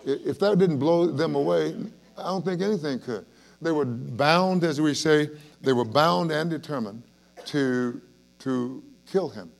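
A man's voice: on the high side, unhurried, vocal fry. A man preaching an evening Bible study sermon, earnest and emphatic, with rhetorical questions and frequent restarts. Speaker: pastor.

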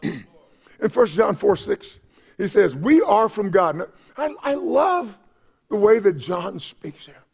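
A male pastor preaching from the pulpit, his voice pitched high with a gravelly rasp. He builds to shouted peaks, stumbles over repeated words, and drops back to a conversational tone. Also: very animated, slow. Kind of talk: sermon. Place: church sanctuary.

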